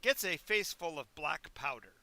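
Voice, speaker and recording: A man's voice: on the high side, animated, moderate pace, gravelly, bright, forceful tone, no room sound. A man narrating a tabletop game as game master, rambling into asides and stumbling over repeated words.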